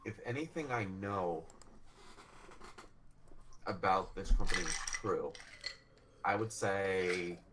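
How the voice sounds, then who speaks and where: Deep-voiced guy role-playing his character, dry and wary, lots of background noise. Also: takes it slowly, long pauses. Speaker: player. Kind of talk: in-character tabletop role-play.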